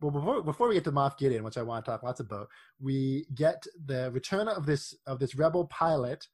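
A man co-hosting a casual podcast chat, animated, laughing often and leading the talk with questions. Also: medium pitch, brisk. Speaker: podcast co-host.

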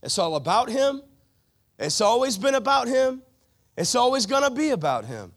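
Animated, high-voiced male preacher. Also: moderate pace, long pauses. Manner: animated preaching, conversational asides and playful impressions. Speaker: pastor. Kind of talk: sermon.

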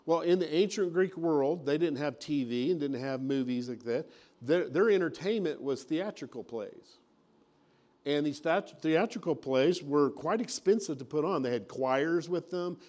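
Male pastor, slightly high voice, folksy sermon delivery. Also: a little mellow. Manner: folksy preaching with acted-out mini scenes.

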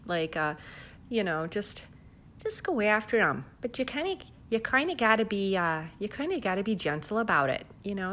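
A woman vlogger from the southern United States chats casually to camera at home on a handheld phone, laughing often and filling her speech with fillers. Her medium-pitched, slightly bright voice is very animated at a moderate pace, with slight background noise.

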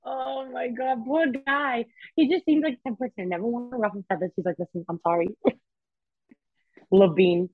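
A woman chatting as a podcast guest, expressive and bouncy, laughing often as she talks. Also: a little high, unhurried. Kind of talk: casual chat. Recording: dull, dry lo-fi sound.

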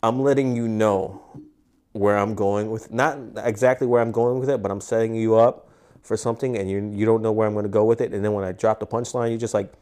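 A man's voice: lowish voice, fairly even intonation, brisk, darkish tone. A man appearing as a guest comedian on a podcast, chatting in a laid-back way, swearing and leaning on fillers. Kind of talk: casual podcast chat.

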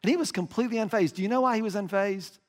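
An American man telling a travel story in a sermon, animated and emphatic, often restarting his sentences. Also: high voice, rapid-fire. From United States. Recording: reverberant hall.

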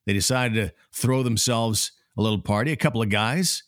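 Low-voiced man hosting sports chat. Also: normal speed, a bit bright, no room sound, studio quality. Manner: easygoing, many uh fillers. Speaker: podcast host.

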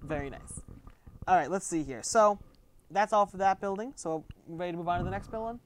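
A woman narrating as game master, quick and chatty, often laughing. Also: on the low side, a little hiss or hum.

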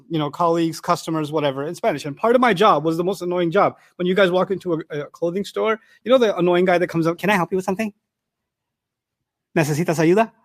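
Guy teaching quran, high voice, chatty storyteller, dry close sound. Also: dry recording. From New York, United States. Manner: animated, conversational, acts out dialogue. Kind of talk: Quran lesson with personal storytelling.

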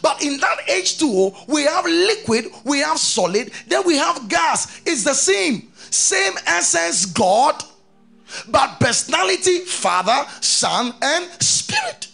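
A man preaching a sermon, reading scripture aloud and keeping on questioning his congregation in an animated way. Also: extremely high pitch, takes it slowly, gravelly, faint music behind. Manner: reads scripture aloud between explanations.

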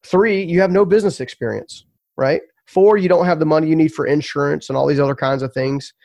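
A man's voice: a little high, brisk, vocal fry, darkish tone, no room sound. A man telling his story as a podcast guest, earnest and emphatic, often repeating words.

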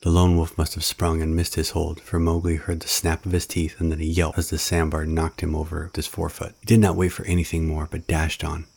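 A man's voice: rumbling low, monotone, fairly quick, creaky, hardly any pauses, a little mellow, husky. A man narrating a classic storybook.

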